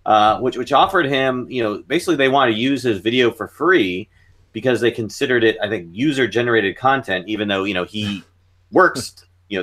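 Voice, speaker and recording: A man at a mid pitch hosting a photography podcast. He asks long, meandering questions and fills them with "you know" as he goes. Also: fairly bright tone. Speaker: podcast host. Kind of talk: podcast interview.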